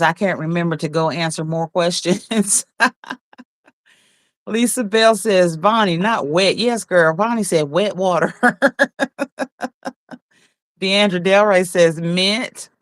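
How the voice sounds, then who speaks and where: A woman's voice: on the low side, dry recording. A woman hosting a casual livestream, reading viewers' comments aloud, teasing them and laughing often. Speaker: livestream host.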